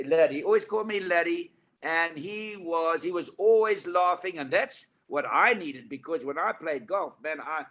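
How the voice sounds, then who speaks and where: Bright-voiced older South African man. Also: a little high, moderate pace. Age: 80s. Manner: lively, emphatic, laughs at his own stories. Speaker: guest. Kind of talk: animated storytelling.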